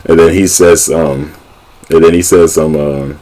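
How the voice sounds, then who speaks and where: A young man vlogging a casual movie recap, an animated storyteller who keeps laughing and acting out the scenes. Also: rumbling low, measured pace. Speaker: YouTube vlogger.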